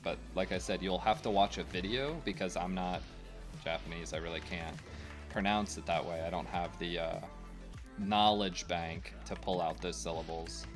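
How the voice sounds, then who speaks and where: With faint game music underneath, a young American streamer chats loosely with his viewers, opinionated and heavy on fillers. He speaks at normal speed in a low voice with a steady tone.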